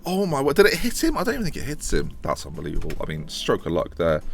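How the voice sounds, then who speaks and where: A young man with a hoarse voice from a chest infection, rambling and correcting himself as he streams a football management game and answers chat questions. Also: mid-range voice, huge pitch swings, fast, faint music behind. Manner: chatty, rambling, restarts and self-corrections. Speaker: gaming streamer. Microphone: desk microphone.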